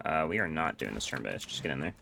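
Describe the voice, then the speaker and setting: Male streamer, casual and profane, very deep with a gravelly edge. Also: expressive, fast talker. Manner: casual, profane, explaining game mechanics. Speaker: streamer playing a role-playing game. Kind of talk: casual gameplay commentary.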